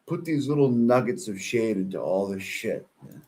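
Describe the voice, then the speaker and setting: A man's voice: fairly low pitch, expressive, normal speed, dark tone. A man in casual chat who makes wry, sarcastic asides.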